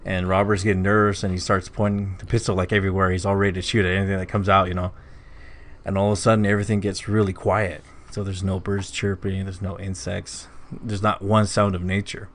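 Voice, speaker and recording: A man's voice: low-pitched, little pitch movement, fairly quick. A man casually telling a spooky story on a podcast, rambling with lots of filler words. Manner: rambling, full of "like" and "you know". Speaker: podcast co-host.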